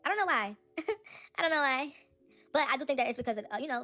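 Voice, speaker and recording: A young woman giving casual, animated celebrity gossip commentary, talking straight to her viewers. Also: sits high, fast, soft background music.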